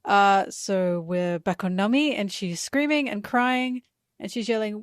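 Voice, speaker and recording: A woman, a podcast guest, recapping a comic chapter in enthusiastic, animated chat. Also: medium pitch, unhurried, dry recording, studio quality. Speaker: podcast guest, video essayist.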